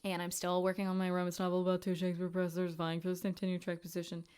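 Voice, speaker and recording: A woman in her twenties hosting a casual podcast, talking frankly and profanely, rambling with quick asides and self-corrections. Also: on the low side, monotone, a little mellow, smooth. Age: 20s. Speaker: podcast host. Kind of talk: casual chat.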